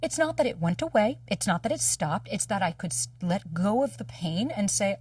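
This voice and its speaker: A woman's voice: mid-range voice, animated, brisk, few pauses, darkish tone, husky, no echo, far from the mic. A woman dating coach telling candid personal stories in a casual podcast chat, swearing freely. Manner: candid, emotional storytelling with frequent swearing.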